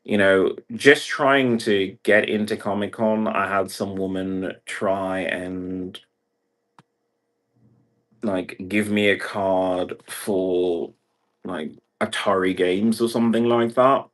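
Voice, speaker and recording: A man from Brazil rambles through a livestream monologue in an unhurried, drawn-out way, leaning on "like" in nearly every phrase. His voice sits on the low side for a man. He talks from an indoor room. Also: steady tone. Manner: meandering, filler-heavy, 'like' in nearly every phrase.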